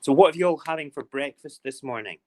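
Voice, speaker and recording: A man's voice: on the high side, lively intonation, fast talker, mellow, dry recording, rough recording. A Scottish man hosting a casual morning live stream from home, chatty and fond of repeating words in playful runs. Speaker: live-stream show host. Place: home, moving between kitchen and windows.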